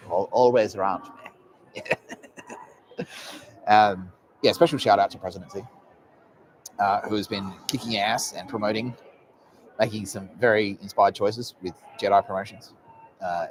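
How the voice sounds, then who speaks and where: A man's voice: lowish voice, a little hiss or hum. An Australian man hosting a casual live podcast, rambling and swearing often with frequent laughs. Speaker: podcast host.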